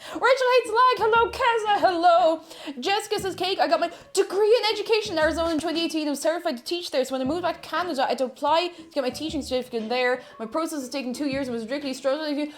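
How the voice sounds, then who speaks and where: An excitable young woman, greeting her chat in a gushing, sing-song way on a live stream. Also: high-pitched. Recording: music playing behind.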